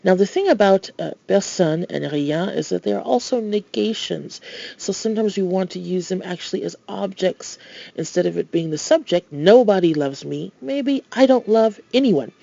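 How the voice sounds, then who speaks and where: A tutor with a gravelly, mellow voice talks through a recorded language lesson. The speaker explains patiently, adds playful asides, and reads out French example phrases. The sound is dry and a little dull, like a lo-fi voice-over. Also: medium pitch, lively intonation, moderate pace, dry recording.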